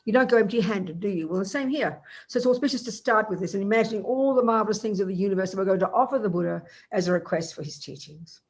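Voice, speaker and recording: A woman teaching Buddhism in a relaxed, chatty way, often asking her listeners rhetorical questions. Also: medium pitch, quick pace, hardly any pauses, slightly rough. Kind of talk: informal dharma teaching.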